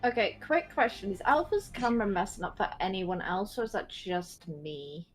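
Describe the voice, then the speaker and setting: A chatty woman talks casually on a tabletop game call. Her pitch moves around a lot. Faint music plays behind her. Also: lively intonation, moderate pace, poor audio. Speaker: player.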